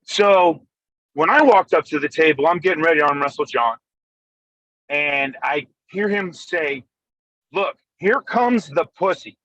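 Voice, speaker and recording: A man on a phone call from his car, telling a fast, profane, animated story in a casual chat. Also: on the high side, dry recording. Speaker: guest arm wrestler. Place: in a moving car.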